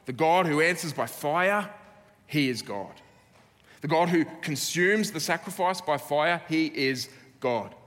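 Australian pastor, earnest emphatic sermon delivery, long church-hall reverb. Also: male voice, fairly high pitch, a bit bright. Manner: earnest, emphatic preaching with dramatic pauses.

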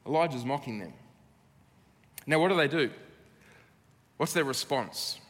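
Australian pastor, earnest emphatic sermon delivery, long church-hall reverb. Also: male voice, medium pitch, lively intonation, fairly bright tone. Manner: earnest, emphatic preaching with dramatic pauses.

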